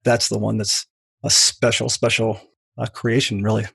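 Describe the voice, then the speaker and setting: A middle-aged man, a book author, as a podcast guest telling lively stories and acting out the voices in them. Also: on the low side, normal speed, gravelly, breathy edge, no echo. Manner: animated storyteller who mimics voices in quoted anecdotes. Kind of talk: podcast interview, storytelling.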